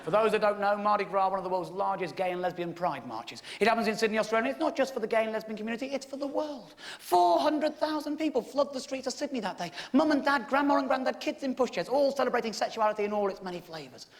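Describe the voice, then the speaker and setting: High-voiced sweary comedian. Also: male voice, animated, quick pace, few pauses. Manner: sweary, heavy profanity. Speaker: stand-up comedian. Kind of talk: stand-up comedy storytelling. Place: stage in front of a live audience.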